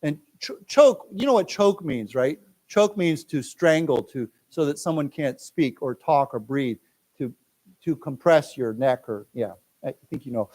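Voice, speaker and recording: A man's voice: on the high side, lively intonation, unhurried, darkish tone. An American man teaching English, who explains words patiently and drills his class in a library lecture room. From United States.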